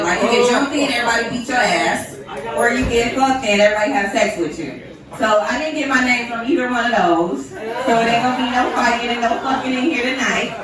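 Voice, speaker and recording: A woman from Ohio doing a profane stand-up set, brash and laughing at her own jokes. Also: a little high. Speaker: stand-up comedian. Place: comedy club stage. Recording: echoey room miked from a distance. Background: laughing live crowd.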